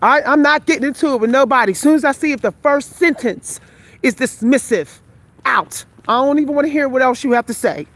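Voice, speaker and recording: Speaking fairly quickly in a high voice, a worn-out, breathless woman in her forties vlogs live from a night street walk, filming on her phone. She talks bluntly and profanely to her viewers.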